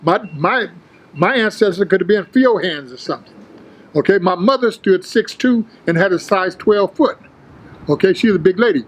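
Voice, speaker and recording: An older man tells his story in a casual interview, his voice sitting high. He is animated and slangy, acting out the voices of the people in it. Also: moderate pace, low-quality recording. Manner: animated storyteller, acts out quotes, street slang. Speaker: interview guest, former bodybuilder.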